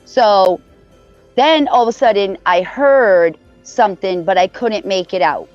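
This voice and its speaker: A woman calls in and tells a story in a chatty, rambling way, breaking into laughter along the way. She speaks at an unhurried pace, and her voice comes over a dull, lo-fi line that sounds dry and close. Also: medium pitch, darkish tone, no echo, faint music behind. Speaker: caller sharing a story. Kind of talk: casual storytelling.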